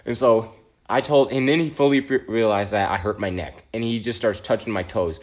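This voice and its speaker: A man telling a story in a casual vlog monologue, animated and dramatic, with slangy asides. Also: fairly low pitch, a little fast.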